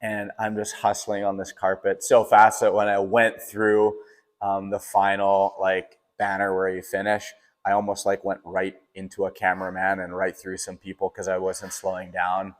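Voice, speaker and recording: Low, flat-voiced young man telling a story. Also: moderate pace. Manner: casual, fills with "like", frequent restarts. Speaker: podcast host. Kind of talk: personal storytelling. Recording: long reverberant echo.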